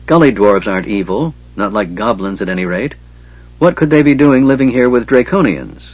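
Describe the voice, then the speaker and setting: A man's voice: lowish voice, animated, normal speed, slightly rough, no echo. A man voicing an earnest, honorable male knight who objects firmly. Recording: dull lo-fi recording.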